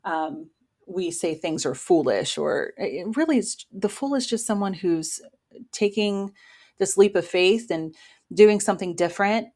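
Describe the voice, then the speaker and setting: A woman's voice: medium pitch, animated, a little slow, darkish tone. A woman giving a casual weekly tarot reading into her own microphone, talking in an encouraging, motivational way. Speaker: tarot reader and spiritual coach.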